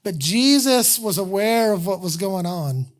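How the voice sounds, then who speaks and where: Pastor, sermon delivery, conversational and honest, mid-range voice, earnest slowed emphasis. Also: mid-range voice, lively intonation. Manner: conversational, candid, self-deprecating asides.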